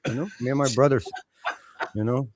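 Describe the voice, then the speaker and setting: Man faking a heavy Spanish accent, jokey immigrant character, fast, dry close sound. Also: medium pitch, steady tone, a little mellow, no echo, natural voice. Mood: joking. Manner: exaggerated, joking.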